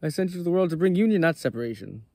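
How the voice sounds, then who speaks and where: A man voicing God as a divine male figure, reading his lines in a measured, solemn way. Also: fairly high pitch, lively intonation, darkish tone, no echo, voice pushed up.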